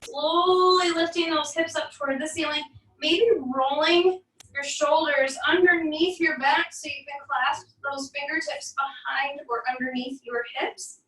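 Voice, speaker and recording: Woman instructor, high bright voice, calm stretch cues with dry humor, echoey room, voice from off-mic. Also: measured pace, recorded from a distance. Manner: calm, encouraging cues with wry asides. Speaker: fitness instructor. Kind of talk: guided barre cool-down instruction.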